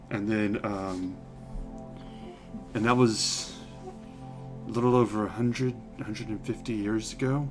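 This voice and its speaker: A man narrating as game master of a tabletop game, halting with many fillers and restarts, with music faintly behind. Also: lowish voice, steady tone.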